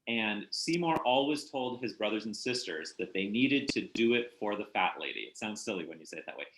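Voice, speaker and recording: A man's voice: on the low side, lively intonation, a little fast, fairly bright tone. A man talking through a book in a casual literary discussion, thoughtful and hesitant, with many fillers and restarts. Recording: roomy echoey room.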